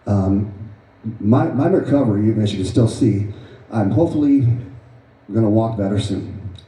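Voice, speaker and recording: A man's voice: on the low side, animated, moderate pace, dark tone. A man giving an earnest, emphatic storytelling speech to a live audience at an event. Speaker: author presenting his book. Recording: roomy echo, voice far from mic.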